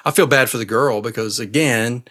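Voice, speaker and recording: A man with a mid-range voice talks about a reality show in a relaxed, easy way. He drifts lower and softer as he thinks aloud. It is an unhurried co-host chat. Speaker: podcast co-host.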